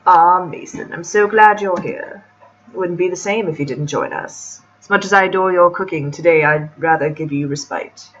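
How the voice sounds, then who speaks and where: A woman voicing a suave older British male cafe owner with a put-on British accent, smooth and courteous. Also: lowish voice, moderate pace, lo-fi sound, a little hiss or hum, lightly acted. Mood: gracious.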